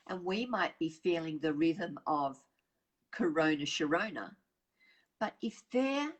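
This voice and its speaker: A husky-voiced woman leads a live online session over a video call. She talks in a friendly, chatty way, reads viewers' comments aloud and laughs now and then. Her pitch sits in an ordinary middle range. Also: low-quality recording. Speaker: online workshop presenter. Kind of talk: live online workshop talk.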